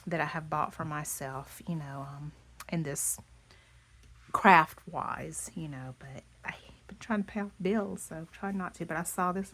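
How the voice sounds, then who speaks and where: A hoarse, slightly low-voiced woman gushes through a casual show-and-tell of handmade crafts. Her tired throat roughens the sound, and she keeps slipping into soft half-whispers as she admires each piece. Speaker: craft vlogger.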